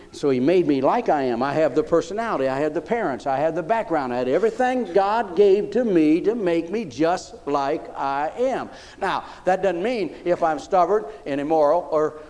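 A man delivers a sermon in a folksy, animated style, his voice pitched high for a male and ranging widely up and down. He often checks in with his congregation, speaking at a moderate pace with few pauses.

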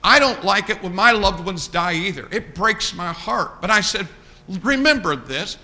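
A man's voice: high-pitched, expressive, normal speed, bright, forceful tone. A man preaching a sermon, repeating key lines and swelling suddenly in volume.

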